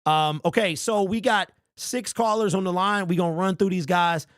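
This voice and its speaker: A man hosting a sports fan call-in show, talking in an energetic, slangy way. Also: high-pitched, normal speed, dry recording, clean studio sound. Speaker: postgame show host.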